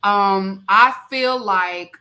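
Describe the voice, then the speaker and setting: Lady on a wrestling podcast, blunt and teasing, bright sharp voice. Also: mid-range voice, drawn-out words. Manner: blunt, teasing, talks over others. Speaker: podcast co-host. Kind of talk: casual wrestling chat.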